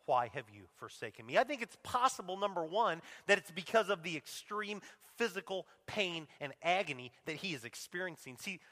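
A man's voice: high-pitched, bright, forceful tone. A middle-aged man preaching a sermon as a pastor, emotional and earnest, his voice sinking to a near-whisper at tender moments. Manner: emotional, drops to a near-whisper on quoted cries. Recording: long hall reverb.

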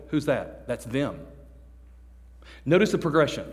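A fairly high-voiced man preaches with lively, joking energy and slips into little impressions of the people he describes. His voice carries a long reverb from the big hall around him. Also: moderate pace. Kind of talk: sermon to a youth service.

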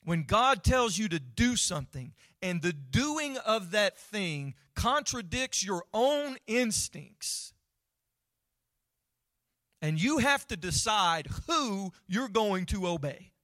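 A man's voice: high-pitched, sing-song, slow pace, a bit bright, no echo, studio quality. A man preaching a sermon in a conversational way, asking his listeners questions. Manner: conversational, asks the audience questions. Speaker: pastor.

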